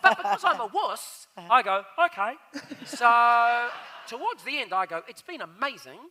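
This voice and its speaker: Very high-voiced, bright New man. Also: measured pace. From New Zealand. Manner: animated, acts out the voices of people in his stories. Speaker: guest storyteller. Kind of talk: live stage storytelling.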